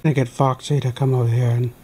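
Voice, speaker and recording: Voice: mid-range voice, little pitch movement, very fast, mellow, slightly rough, natural voice. A performer voicing a plush animatronic fox who is tired of being babied, in a homemade toy skit, talking in a plain, exasperated way.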